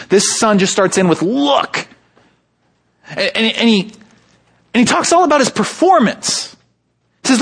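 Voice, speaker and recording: A man with a high voice delivers a sermon. His delivery is animated. He drops into low, measured stretches and climbs into high, emphatic ones, and he acts out the voices in the story as he goes. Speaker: pastor.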